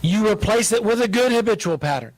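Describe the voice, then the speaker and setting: A middle-aged male pastor telling a humorous personal story in a relaxed, conversational sermon. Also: high voice, fairly quick, dry recording.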